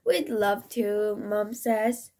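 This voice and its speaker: A young woman reading a children's picture book aloud, expressive and with small slips that she corrects as she goes. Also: medium pitch, extremely slow. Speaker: storybook reader.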